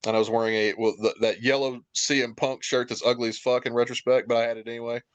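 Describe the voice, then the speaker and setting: Man, podcast guest, casual chat, rambling, profane, wry, mid pitch. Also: level tone, fast talker, clear, resonant tone, dry recording, highs cut off.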